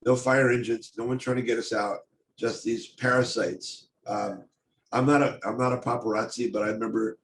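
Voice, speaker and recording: An older man recounts his story on stage in a halting, intense voice, often restarting his sentences. His voice sits at an ordinary middle pitch. It rings around an echoey hall with a faint hiss underneath. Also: fairly even intonation. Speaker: speaker. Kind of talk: personal storytelling talk. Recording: echoey room, faint noise.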